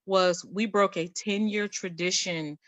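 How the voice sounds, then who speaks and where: A woman's voice: mid-range voice, fairly even intonation, measured pace, no echo. Chatty woman telling personal stories. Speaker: panel guest. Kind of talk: casual panel discussion.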